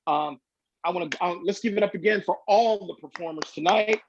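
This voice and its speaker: A man's voice: high-pitched, fairly quick, creaky, a little hiss or hum. A man hosting a virtual comedy show, speaking directly to the audience in an upbeat way. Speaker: show host. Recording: dry, dull lo-fi stream audio.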